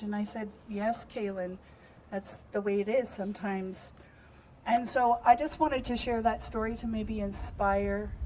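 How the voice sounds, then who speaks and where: Earnest middle-aged Canadian mother, higher voice. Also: darkish tone, a little hiss or hum, low-quality recording. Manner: heartfelt, earnest, tells a family story. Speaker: bereaved mother speaking at a memorial unveiling. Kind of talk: public remembrance speech. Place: outdoors at a public memorial site. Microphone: handheld microphone.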